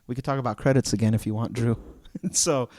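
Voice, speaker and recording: Animated man telling stories on a podcast. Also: mid-range voice, quick pace, no echo, studio quality. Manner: animated storyteller, acts out dealer dialogue. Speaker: podcast co-host. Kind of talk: casual chat.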